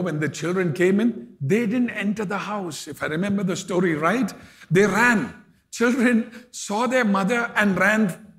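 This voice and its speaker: A man with an Indian English accent, a pastor telling a story in a sermon, emotional and acting out the voices of the people in it. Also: high voice. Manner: emotional, acts out quoted voices, rises to loud exhortation. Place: large church hall.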